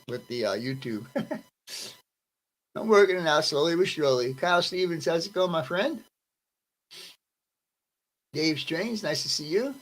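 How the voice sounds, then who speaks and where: A man's voice: medium pitch, fairly bright tone, rough recording. A man hosting a live stream, greeting his viewers one by one by name in a friendly, casual way. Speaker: livestream host greeting chat. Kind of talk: casual livestream chat.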